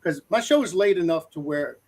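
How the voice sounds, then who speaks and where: A man's voice: on the high side, lively intonation, brisk, a little mellow. A man hosting a casual podcast chat, eager and stumbling, repeating his words. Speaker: podcast host.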